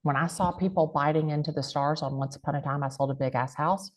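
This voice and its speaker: A real estate agent and guest speaker with a strong American country accent gives motivational interview talk. Her voice is low and steady at a quick pace, and her advice is punchy, emphatic and full of folksy catchphrases.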